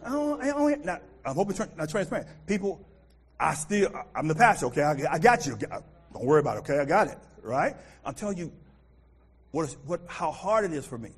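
A middle-aged American man preaching a sermon with a fairly high voice that leaps up and down. He talks as a pastor, animated, swinging between loud shouted bursts and hushed, confiding asides. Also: brisk, breathy edge. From United States.

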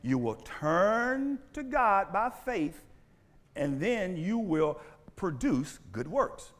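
A male pastor preaching a sermon in church on a mic, animated and full of call-and-response questions. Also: high voice, slow, big-room sound. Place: church sanctuary. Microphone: handheld or stand mic.

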